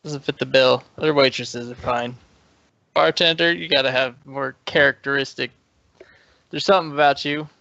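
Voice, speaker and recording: A man's voice: medium pitch, steady tone, normal speed, vocal fry, bright, forceful tone, no room sound. A man playing a tabletop game, joking and teasing, on dull lo-fi audio. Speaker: player. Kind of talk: casual tabletop play. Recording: dull lo-fi dry stream audio.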